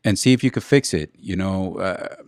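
A man's voice: low-pitched, moderate pace, darkish tone, clean tone, dry recording, clean studio sound. A young adult man in casual chat, giving laid-back, encouraging advice with casual swearing.

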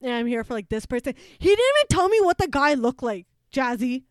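A woman's voice: high voice, sing-song, brisk, no room sound, clean studio sound. A young woman in her twenties, a law student, telling a story in casual chat with lots of fillers, acting out quotes, laughing often.

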